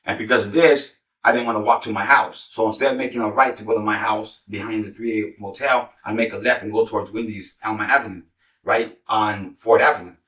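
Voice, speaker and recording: A man's voice: fairly low pitch, steady tone, fairly bright tone, recorded from a distance. A man telling raw, profane street stories, rambling with heavy slang. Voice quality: heavy slang, constant "you know what I'm saying". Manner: rapid, rambling, swears constantly. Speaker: former gang member telling war stories. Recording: echoey room, voice off mic.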